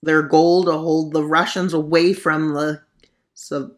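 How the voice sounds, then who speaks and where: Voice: mid-range voice, level tone, slow. A mapping video narrator giving casual commentary on a war scenario, full of sarcastic, rambling asides.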